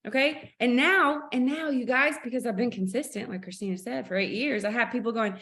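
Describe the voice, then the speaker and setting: A fairly high-voiced woman leads a sales team video call. She talks in a lively, preachy, motivational way and acts out stories from her family life. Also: a little fast, hardly any pauses.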